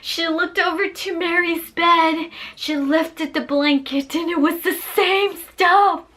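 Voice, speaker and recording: A woman's voice: extremely high pitch, fairly even intonation, slow, pushed and bright. A young woman casually telling a scary story to her viewers, playfully acting out voices and sound effects. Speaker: storyteller vlogger.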